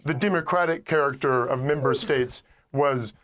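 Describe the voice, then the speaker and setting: A man giving a measured interview answer, drawing out his words in an affected way with loose, relaxed lips. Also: mid-range voice. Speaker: academic guest in archived clip.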